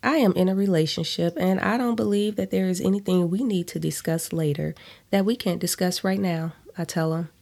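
Woman reading her story out loud, cusses a lot, chatty asides, bit of vocal fry. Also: lowish voice, fairly even intonation, a little fast. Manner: blunt, profane, breaks off to laugh and comment.

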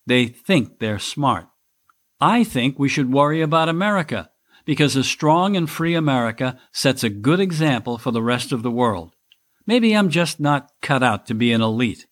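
A man hosts his own podcast and reads a scripted political monologue. His delivery is wry and sarcastic, at an ordinary pitch for a man. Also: lively intonation, moderate pace. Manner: wry, sarcastic, mock voices for critics. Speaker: podcast host.

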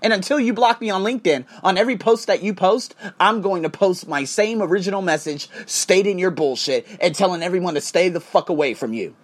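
A man's voice: high voice, fairly quick, hardly any pauses. A man hosting a podcast, ranting heatedly with lots of swearing and repeated phrases. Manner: heated, profane, repetitive ranting. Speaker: podcast host. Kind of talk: angry podcast rant.

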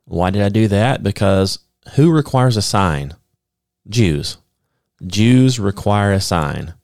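A man teaching the Bible on a podcast, explaining step by step with many "okay?" checks and reading scripture aloud slowly with emphasis. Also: lowish voice, a little mellow, dry recording, clean studio sound. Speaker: podcast preacher.

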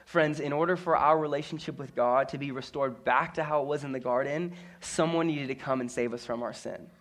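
A man's voice: medium pitch, brisk, fairly bright tone. A man preaching a sermon as pastor, telling a story earnestly with stammered restarts and repeated words.

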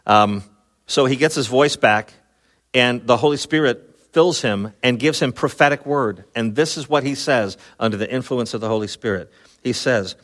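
A pastor with a medium-pitched voice retells a Bible story during a sermon, keeping it lively and casual with plenty of fillers and quick asides in different voices.

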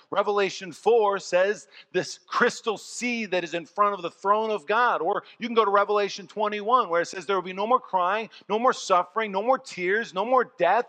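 A pastor preaching a sermon, telling stories in an animated way and swinging from soft, low passages to loud ones. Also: male voice, moderate pace. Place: church. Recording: long church reverb.

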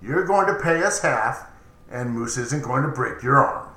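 A man's voice: mid-range voice, expressive, unhurried, pushed and bright. A man voicing a menacing male mob loan shark who speaks bluntly and threateningly. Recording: roomy echoey recording.

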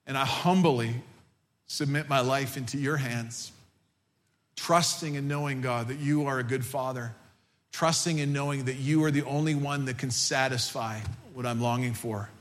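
A male pastor preaching a sermon to his congregation in a church, and at times he builds to a loud, fervent pitch. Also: steady tone, normal speed. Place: church sanctuary.

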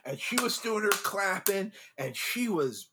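A man hosting a casual chat, telling animated stories full of restarts and laughter as a former judge. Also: high voice, a little slow, noisy background. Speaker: podcast host and former drum corps judge.

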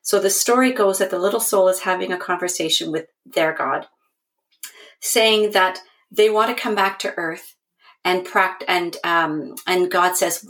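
A woman in her forties, a podcast guest and mentor, telling a story and giving guidance in a calm, earnest, reflective way. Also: fairly low pitch, measured pace.

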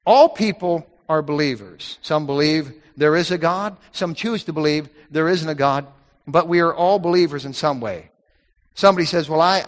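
Male preacher, emphatic sermon delivery, repeats key lines, reverberant hall sound. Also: on the high side. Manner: emphatic, repeats key phrases, quotes scripture in old wording.

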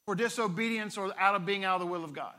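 A man's voice: sits high, fast talker, sharp tone. A male pastor, preaching a sermon in a conversational way, retelling scripture with playful asides.

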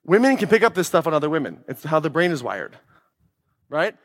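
A man's voice: fairly high pitch, very animated, a little fast, big-room sound. A man giving an emphatic, blunt motivational talk to an audience, swearing freely and asking questions of the room. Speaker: podcast host giving a talk.

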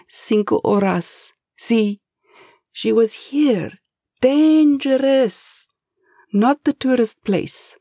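A woman's voice: mid-range voice, mellow, dry recording, clean studio sound, pitched above the performer's own voice. A woman voicing an anxious, loyal middle-aged male banker, pleading and wailing in a storybook reading.

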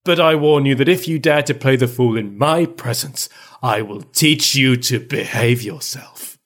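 A young prince shaking with anger, as a man puts him on, each word slow and strained with tears. He speaks in a stiff, formal way. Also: mid-range voice. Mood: sharp, trembling.

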